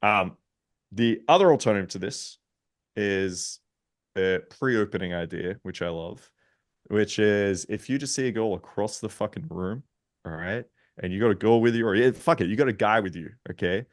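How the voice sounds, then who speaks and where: A man's voice: fairly low pitch, moderate pace. A man, a dating coach on a panel, explaining his approach bluntly and with lots of swearing. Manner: blunt, profane, emphatic. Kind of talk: panel discussion.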